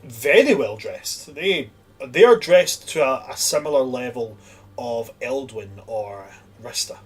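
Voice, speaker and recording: Male game master, husky, rambling and hesitant narration. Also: mid-range voice, expressive, a little slow, distant mic, faint music behind. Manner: rambling, hesitant, many fillers.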